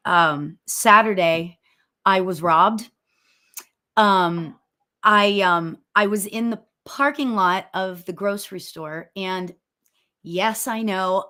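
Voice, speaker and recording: A woman, a medium hosting a spiritual discussion show, chatting in a loud voice and talking quickly as she tells a story. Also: mid-range voice. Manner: loud, fast, storytelling with laughs. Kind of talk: casual chat.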